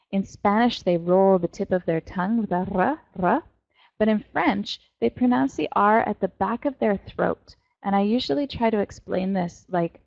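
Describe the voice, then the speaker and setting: A woman teaching an online French class to young students, playful and animated as she explains pronunciation. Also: mid-range voice, creaky, no room sound, dull audio. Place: virtual world classroom.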